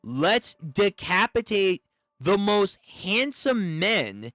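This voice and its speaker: A man reading the lines of a devoted, bloodthirsty young woman about to marry, in a flat, plain read. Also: high voice, drawn-out words, no echo, faint music behind, voice pushed up, heavily acted. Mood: deadpan.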